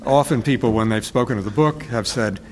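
A man being interviewed as an author, speaking in a halting, reflective way and often searching for words. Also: mid-range voice, a little hiss or hum.

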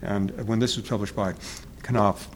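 A man being interviewed as an author, speaking in a halting, reflective way and often searching for words. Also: lowish voice, steady tone, a little hiss or hum.

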